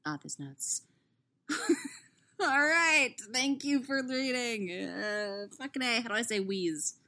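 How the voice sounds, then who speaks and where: Woman podfic reader, higher voice, slow easy delivery, profane and self-mocking, recorded at home. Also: animated, pushed and bright. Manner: swears freely, laughs at own mistakes. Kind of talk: bloopers and author's notes, partly sung. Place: living room couch.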